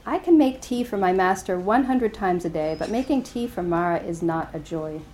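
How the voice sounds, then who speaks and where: A woman's voice: fairly low pitch, animated, normal speed, darkish tone, close to an everyday voice. A woman voicing a grudging male attendant monk who grumbles to himself, in a story told during a dharma talk.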